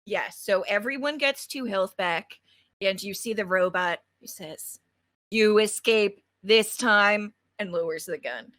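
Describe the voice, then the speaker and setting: A woman narrating as game master of a tabletop game, slow and halting with many fillers. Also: medium pitch, lively intonation, a bit bright, no echo.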